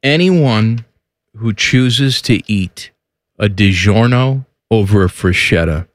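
A man's voice: fairly low pitch, animated, slow, no room sound. Opinionated male sports talk co-host. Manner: emphatic, opinionated, mock outrage. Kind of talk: casual banter on a sports talk show.

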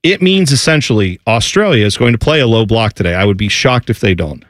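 A man's voice: fairly low pitch, expressive, a little fast, fairly bright tone, no echo, clean studio sound. A man hosting a casual sports talk show, explaining soccer in a chatty way with jokey asides.

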